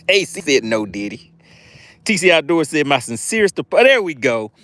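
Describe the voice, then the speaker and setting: A man's voice: a little high, very animated, a little slow, fairly bright tone. A man hosting a live fishing stream outdoors, reading viewer chat aloud and teasing them playfully. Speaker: fishing livestream host. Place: outdoors by the water.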